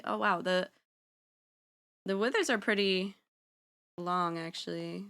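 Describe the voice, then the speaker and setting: Bright-voiced chatty young woman streamer. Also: fairly low pitch, slow pace, long pauses, smooth. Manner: chatty, rambling, playful slang. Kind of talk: casual livestream chat while drawing.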